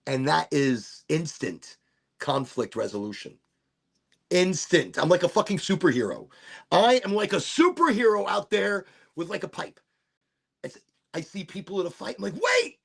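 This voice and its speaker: A middle-aged man hosting a livestream, chatting casually while high, rambling, laughing and making fun of himself. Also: lively intonation, moderate pace, creaky, breathy edge. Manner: rambling, laughing, self-mocking. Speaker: livestream host.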